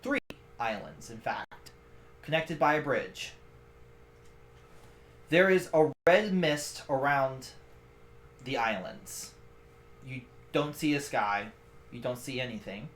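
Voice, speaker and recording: A man running a tabletop game, narrating scenes slowly and descriptively. His voice is bright and forceful and sits a little high for a man. The room around him is echoey. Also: expressive, slight background noise. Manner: descriptive storytelling. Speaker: game master.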